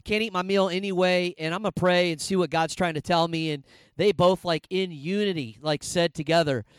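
A middle-aged man from Indiana, a pastor telling a personal story in a sermon, animated and conversational with frequent fillers. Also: sits high, brisk, clear, resonant tone, dry recording.

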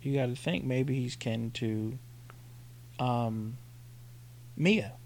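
A man in casual chat, putting in quiet, laid-back reactions and short remarks. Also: mid-range voice, slow pace, a little hiss or hum.

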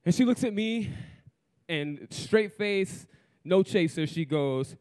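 A man around thirty telling a frank personal story in a candid, profane, self-mocking way, swinging between loud bursts and hushed asides. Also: sits high, slow pace, clear, resonant tone. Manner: animated, shifts from loud to hushed.

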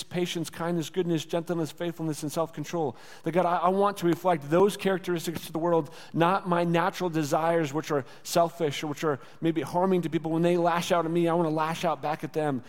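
A man's voice: on the high side, a little mellow, long reverb tail. A man in his thirties preaching a sermon as a pastor, earnest and conversational, speaking prayers aloud as he teaches. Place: church sanctuary.

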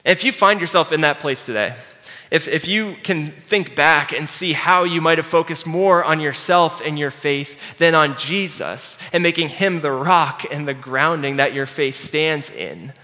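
A man preaching a sermon earnestly, dropping low and quiet to stress his key points. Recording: long hall reverb.

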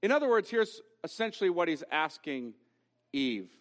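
A pastor preaching an expository sermon, repeating key phrases with emphasis and reading scripture aloud. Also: male voice, fairly high pitch, big pitch swings, moderate pace, fairly bright tone. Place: church sanctuary. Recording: long reverb from a large hall.

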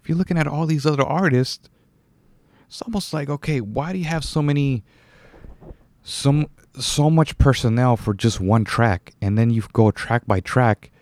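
A man's voice: mid-range voice, normal speed, a little mellow, dry recording. A young man hosting a solo podcast, rambling casually, correcting himself and chuckling now and then. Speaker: podcast host.

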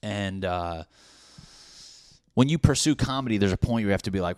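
A young man with a lowish voice rambles through his stand-up life, swearing freely and poking fun at himself. He keeps veering into asides and half-finished thoughts. The sound is dry and close, with no room around it. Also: brisk, darkish tone, dry recording. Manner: profane, self-deprecating, trailing off into asides. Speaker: stand-up comedian. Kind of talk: casual rambling monologue.

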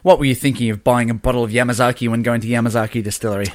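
A man co-hosting a casual podcast, playful and quick with jokey asides. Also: medium pitch, fairly even intonation. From Tasmania, Australia. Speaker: podcast co-host.

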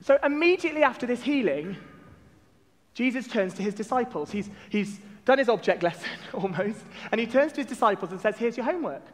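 A man with a very high voice speaks in a playful, jokey way, drawing the congregation into a game before his sermon. His voice carries a long reverb from a large church. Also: expressive, fairly quick. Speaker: preacher leading a church service. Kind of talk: playful family-service talk.

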